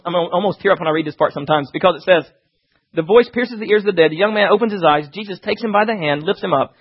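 Preacher, male, very high husky voice, animated delivery, lo-fi sound. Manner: animated, talks fast, voices asides. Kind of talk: sermon with scripture reading.

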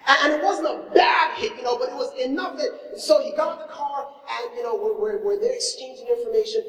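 Animated male pastor in an echoey hall. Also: extremely high pitch, fairly quick, hardly any pauses. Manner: animated storytelling, swinging from loud to hushed. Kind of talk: sermon. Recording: echoey hall, mic from far off.

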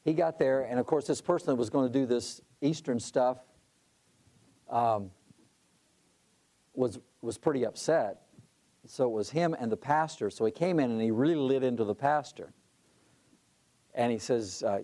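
A man's voice: medium pitch, normal speed, long pauses, dark tone. A middle-aged man talking about leadership in a conversational way, telling a story with asides and restarts. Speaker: conference president speaking on leadership.

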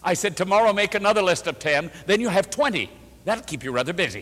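Delivering a sermon in a church or meeting hall, this older pastor has a high, expressive, fast, and fairly bright voice. His storytelling is forceful, with phrases repeated for rhythm and quoted speech acted out, all echoing with the hall's long reverb.

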